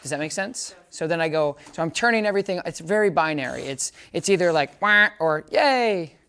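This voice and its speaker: A man giving a hands-on dog training lesson outdoors, chatting casually as he explains and calling out high, upbeat praise commands to the dog. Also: fast talker, clean tone.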